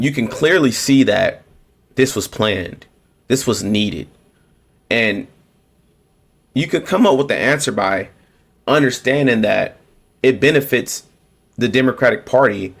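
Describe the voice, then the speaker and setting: Man ranting casually to camera. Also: mid-range voice. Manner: repetitive, restarts, sarcastic mocking quotes. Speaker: political commentator. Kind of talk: casual political rant to camera.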